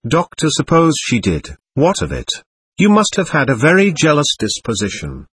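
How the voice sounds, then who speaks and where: A man's voice: a little high, wildly swooping pitch, slightly rough, dry recording, exaggerated voice. A man reading a patient admonishing doctor. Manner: measured, reasoning, admonishing. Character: calm, patient male doctor at a séance.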